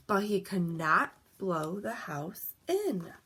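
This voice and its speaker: Lively woman reading a storybook. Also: medium pitch, takes it slowly, few pauses, slightly rough. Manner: lively, expressive reading with soft asides. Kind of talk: storybook read-aloud.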